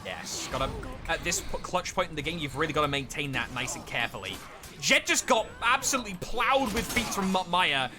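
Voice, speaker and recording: A man casting a video game match with lively play-by-play commentary. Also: high voice. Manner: lively, animated play-by-play with quick asides. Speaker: esports caster.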